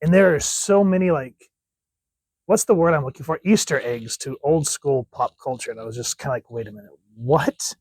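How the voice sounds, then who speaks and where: A man's voice: a little high, normal speed, darkish tone, dry recording, poor audio. Rambling man reviewing a comic. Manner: rambling, full of "like" and "wait a minute" asides.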